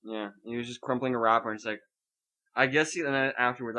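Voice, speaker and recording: A man's voice: mid-range voice, quick pace. A young man co-hosting a podcast, rambling and swearing as he tells a story in casual chat. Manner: rambling, animated, swears a lot, acts out scenes. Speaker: podcast co-host.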